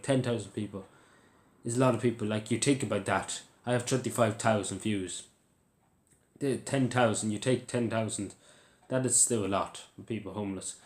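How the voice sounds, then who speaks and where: A man's voice: on the low side, darkish tone. An Irish man talking to camera in a casual vlog, emotional and rambling, repeating himself as he goes. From Ireland. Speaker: YouTuber. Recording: roomy echo.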